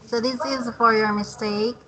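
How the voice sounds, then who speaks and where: A woman teaching an English lesson online, patient and encouraging, speaking slowly and clearly. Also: on the high side, steady tone, fairly bright tone, poor audio.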